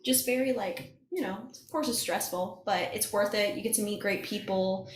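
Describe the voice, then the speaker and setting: A woman's voice: mid-range voice, moderate pace, slight background noise. Young woman chatting on a podcast, acts out quotes, laughs a lot, echoey room. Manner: animated storytelling, acts out quotes, laughs often. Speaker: guest, singing contestant. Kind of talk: casual chat. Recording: roomy echo.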